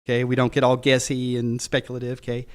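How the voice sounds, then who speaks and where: A man teaching a Bible class, reading quoted passages slowly and explaining them in a casual way, thinking aloud with many fillers and restarts. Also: mid-range voice, completely flat delivery, clear, resonant tone. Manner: slows down to read quoted passages.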